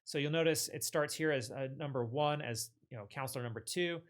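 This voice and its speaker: A man's voice: on the high side, a little fast. A man presenting a tech tutorial in a casual walkthrough style, with loose phrasing, many fillers and frequent self-corrections. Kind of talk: casual screen-share walkthrough.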